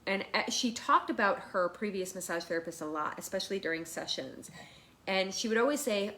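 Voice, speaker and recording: A woman of middle pitch speaks as a podcast guest, retelling a personal experience from her massage work. Her talk is chatty and animated, full of fillers, restarts and quick asides. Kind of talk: personal storytelling in a podcast interview.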